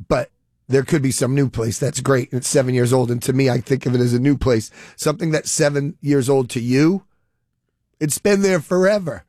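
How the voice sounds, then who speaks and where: A man's voice: mid-range voice, a little mellow, no room sound, clean studio sound. A middle-aged man hosting a radio show in casual, rambling chat, a bit mumbly with a summer cold and a cough drop in his mouth. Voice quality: slightly mumbled. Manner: rambling, self-deprecating, joking. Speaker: radio host.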